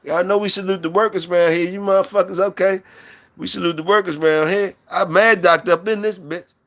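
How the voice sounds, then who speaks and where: A man's voice: high-pitched, steady tone, a little fast, a bit bright. A man hosting a live stream in loose, profane, repetitive banter with his chat, talking on a mic from his workplace.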